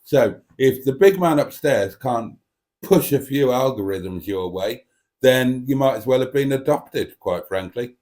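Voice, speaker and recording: A British man hosting a live stream in an easy, wandering chat. He reflects and pokes fun at himself with dry wit. His voice sits at an ordinary middle pitch. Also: animated, measured pace, darkish tone. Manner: wry, reflective, self-mocking. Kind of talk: casual rambling live chat.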